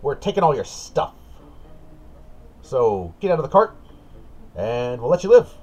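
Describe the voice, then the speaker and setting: A man voicing a small, brash male goblin bandit who shouts demands at travelers. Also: medium pitch, sing-song, a little slow, slightly rough, voice pushed up. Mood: demanding.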